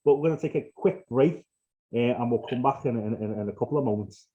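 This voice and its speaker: A man's voice: mid-range voice, fast, mellow. Man, podcast host, casual, hesitant, repeats words, dull lo-fi recording. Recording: dull lo-fi sound.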